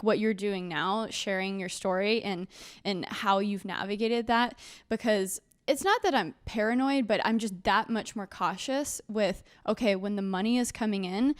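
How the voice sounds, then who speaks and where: A woman's voice: mid-range voice, smooth, no echo, clean studio sound. Young woman podcast host. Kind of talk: conversational interview.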